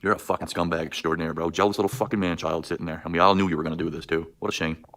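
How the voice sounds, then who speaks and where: A man's voice: low-pitched, level tone, rapid-fire, fairly bright tone. A man in his thirties ranting on a livestream, furious and profane, hurling insults. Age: 30s. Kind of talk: angry livestream rant.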